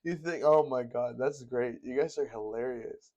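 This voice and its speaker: A hoarse male streamer whose voice is nearly gone, chatting loosely, reading chat aloud and laughing as he reacts to clips. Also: medium pitch, normal speed, darkish tone. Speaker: streamer host.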